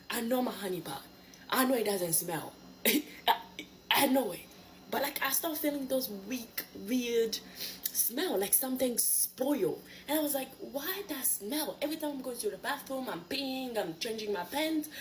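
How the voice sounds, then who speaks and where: Animated woman venting. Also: fairly high pitch, a little hiss or hum. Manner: animated, exasperated, blunt. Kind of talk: casual storytelling to camera.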